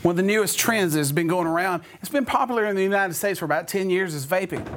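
A middle-aged man whose voice sits unusually high for a man. He speaks as a youth minister addressing a group of teenagers, telling animated, humorous stories and throwing questions at the crowd. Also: quick pace. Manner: animated storytelling with audience questions.

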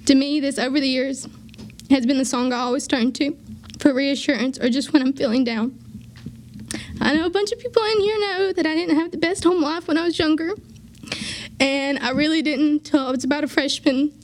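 Teenage girl, very high voice, tearful heartfelt speech, faint background hiss. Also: fairly quick. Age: late teens. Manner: tearful, laughing through tears, heartfelt. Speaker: graduating youth group member giving a speech. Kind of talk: emotional farewell speech to a church youth group.

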